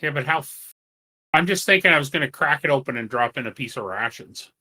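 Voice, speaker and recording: A man's voice: mid-range voice, animated, sharp tone. A man playing a tabletop game, joking and chatting casually. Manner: joking, quick asides. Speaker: player.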